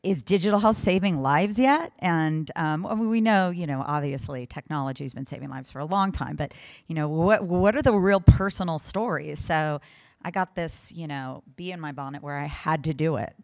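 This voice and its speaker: A woman introducing her conference session in a loose, halting, rambling way. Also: deep voice, no room sound, clean studio sound. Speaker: session organizer and moderator. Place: conference stage.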